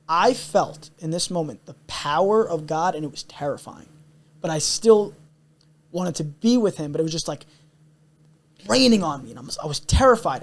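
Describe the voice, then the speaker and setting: A young man telling a personal story in a candid, intense, earnest way, as a podcast guest. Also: a little high. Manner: intense, earnest, repeats himself.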